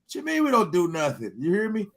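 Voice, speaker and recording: Profane, animated man in casual chat. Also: sits high, quick pace. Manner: profane, emphatic, keeps asking "you hear me?".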